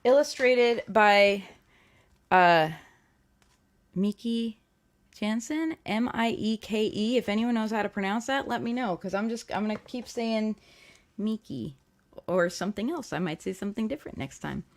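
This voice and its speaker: A woman's voice: medium pitch, a little slow. A young woman hosting a casual livestream tarot reading, chatty and playful, rambling with fillers and restarts.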